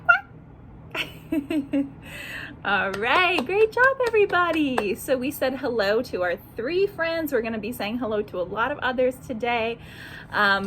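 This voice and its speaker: A woman who is a children's librarian, reading a picture book aloud at storytime and quizzing young listeners in an animated, sing-song way. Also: high voice, a little hiss or hum.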